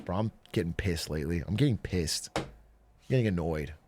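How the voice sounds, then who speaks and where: Animated swearing male streamer. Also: low voice, a little fast, noisy background. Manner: swearing, animated, jokey rants. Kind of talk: casual livestream chat.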